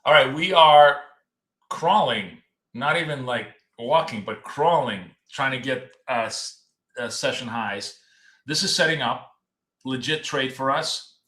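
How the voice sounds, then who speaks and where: A man's voice: mid-range voice, unhurried, pushed and bright, reverberant. A man co-hosting a live trading stream in a casual, joking way, blunt and swearing freely. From Russia. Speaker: trading show co-host.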